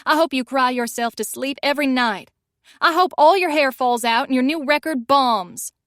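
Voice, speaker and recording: A woman's voice: high voice, normal speed, fairly bright tone, no room sound, studio quality. A woman reading an audiobook, voicing a blunt, sassy young woman friend who mocks and scolds dramatically. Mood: spiteful. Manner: mocking and dramatic.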